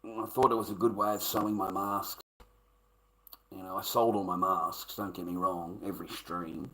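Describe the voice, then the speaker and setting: A middle-aged Australian man swears, rambles, and laughs while telling stories in a casual livestream rant. His low voice is steady and sharp in tone at a moderate pace. The rough recording has a little hiss or hum.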